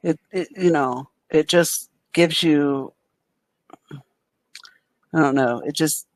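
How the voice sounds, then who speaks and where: An older woman co-hosting a casual talk show, reacting with enthusiasm and exclaiming how exciting it all is. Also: deep voice, slow pace, dry recording, poor audio. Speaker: radio show co-host. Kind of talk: casual paranormal investigation chat.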